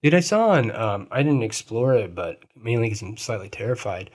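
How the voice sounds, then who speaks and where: A man's voice: on the low side, very animated, normal speed. A man co-hosting a podcast in casual chat, teasing his friend and rambling, swearing freely. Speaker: podcast co-host.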